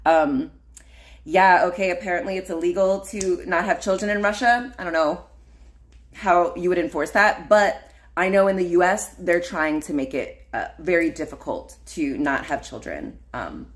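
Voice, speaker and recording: A woman's voice: fairly low pitch, normal speed. A woman hosting a casual solo livestream, rambling with lots of fillers and "like". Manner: rambling, filler-heavy, frequent laughs and "like". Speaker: podcast host.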